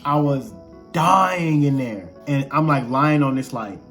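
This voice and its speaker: A young adult man casually telling a personal story, slangy and animated, acting out quoted exchanges as he goes. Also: mid-range voice, unhurried, faint music behind.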